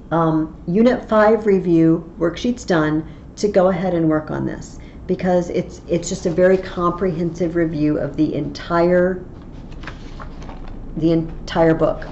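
A woman's voice: lowish voice, a little slow, warm tone, slight background noise. A woman teaching a Latin lesson online, explaining patiently step by step. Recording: slightly dull lo-fi audio with faint ambience.

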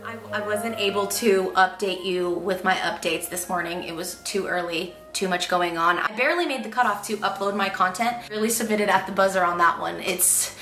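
A woman's voice: mid-range voice, normal speed, hardly any pauses, music in the background. A young woman chatting casually to the camera, rehearsing audition lines and criticizing her own takes. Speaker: voice actor vlogger. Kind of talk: casual vlog talking to camera.

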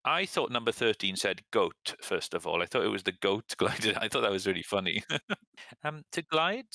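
A young man casually explaining example sentences as an English teacher, relaxed and chatty. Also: fairly low pitch, normal speed, gravelly, no room sound. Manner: relaxed, chatty, laughs at own slips.

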